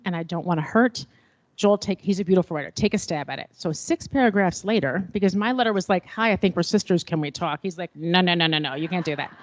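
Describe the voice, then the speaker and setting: A middle-aged woman telling a personal story at a panel, expressive and acting out remembered dialogue. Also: medium pitch, dry recording, highs cut off. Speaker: panel speaker.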